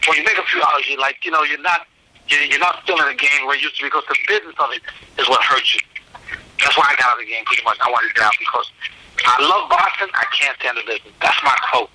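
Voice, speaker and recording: A middle-aged man, a former boxer, talking as an interview guest in a casual, animated storytelling way with many restarts. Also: mid-range voice, fast talker, creaky, a little hiss or hum, poor audio.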